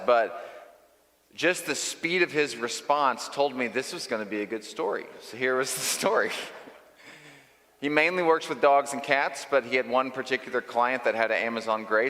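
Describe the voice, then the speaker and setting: Bright, forceful male pastor in a reverberant hall. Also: medium pitch. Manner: storytelling, emphatic with short punchy phrases. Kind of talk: sermon.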